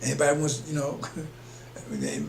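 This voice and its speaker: A man's voice: on the high side, big pitch swings, a little fast, creaky. A man preaching on a broadcast in an emphatic, rambling way, chuckling between his points. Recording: echoey room with faint hum.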